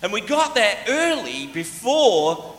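A man preaching a sermon, telling a story in a lively way and sometimes breaking into shouts as he acts it out. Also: sits high, takes it slowly. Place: church hall. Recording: echoey hall, faint ambience.

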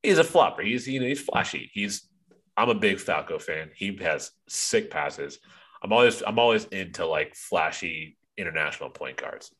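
Deep-voiced man ranting on a sports podcast. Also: sing-song, normal speed, a bit bright, breathy edge. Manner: profane, ranting, lots of ums. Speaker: podcast co-host. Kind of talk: casual sports chat.

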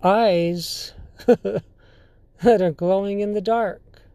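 Slow, halting podcast storyteller. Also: mid-range voice, fairly even intonation, warm tone, smooth, no echo. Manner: halting, filler-heavy, often restarts sentences. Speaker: podcast host. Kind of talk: casual storytelling.

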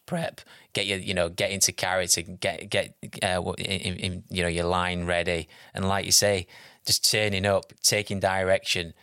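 A man, co-hosting a casual chat, reflective and quick to agree. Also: sits low, level tone, bright, forceful tone, no room sound, clean studio sound. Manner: reflective, agreeable, many backchannels. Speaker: podcast co-host.

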